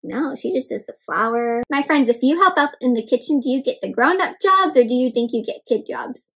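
A young adult woman with a high voice reads a picture book aloud to children. She stops often to ask questions and gasps with excitement. Her delivery is animated and engaging. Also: brisk, husky. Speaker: children's storyteller. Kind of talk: interactive read-aloud for kids.

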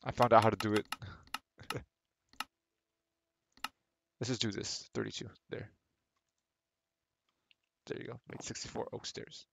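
A young man rambles casually to himself and his chat while live-streaming a game, often restarting sentences, on a desk mic at home with game music underneath. His lowish voice is flat and measured, with vocal fry, a fairly bright and slightly rough tone, and frequent pauses.

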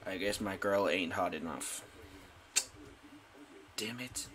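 A man's voice: low-pitched, slow, fairly bright tone, slight background noise. A man casually commenting while playing a game, talking to his in-game pet and squealing when delighted. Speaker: gaming YouTuber. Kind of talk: casual let's-play commentary. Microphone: desktop mic.

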